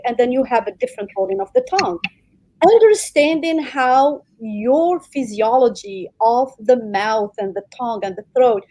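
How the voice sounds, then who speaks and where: Animated woman guest, fairly high voice. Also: rough recording. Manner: animated, explains with examples and repetition. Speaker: guest, speaker and coach. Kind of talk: conversational interview answer.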